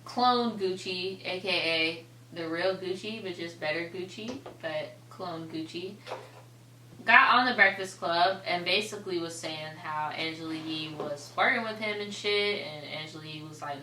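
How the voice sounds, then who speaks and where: Bright-voiced woman, casual and profane. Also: on the low side, normal speed. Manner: loose and profane, laughs often. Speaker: podcast co-host. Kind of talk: casual chat. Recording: roomy, distant mic, faint hiss.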